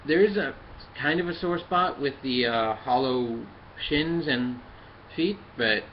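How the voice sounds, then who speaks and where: A man's voice: medium pitch, dull audio, slight background noise. A man casually reviewing and demonstrating a toy, walking through each step with lots of ums and uhs as he handles it. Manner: halting, many fillers, talks while handling the toy.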